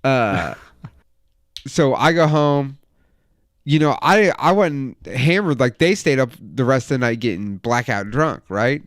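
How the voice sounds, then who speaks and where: A man's voice: medium pitch, slow, no room sound, studio quality. A man in his thirties telling a wild, profane story in casual chat as a podcast host. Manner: profane, animated anecdote telling.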